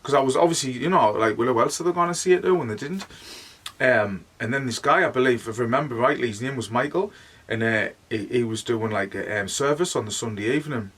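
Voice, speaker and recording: A man's voice: mid-range voice, a little fast, fairly bright tone, slightly rough, distant mic. A man with a Northeast English accent, telling his story as a medium in a rambling, chatty way, with "like" all through. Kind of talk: casual storytelling monologue.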